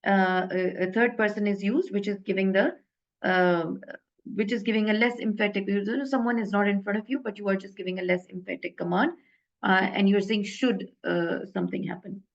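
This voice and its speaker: A woman's voice: mid-range voice, fairly even intonation, normal speed, creaky. Hesitant woman teaching grammar, dull audio. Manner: hesitant, many fillers and self-corrections. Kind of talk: casual online lesson explaining grammar.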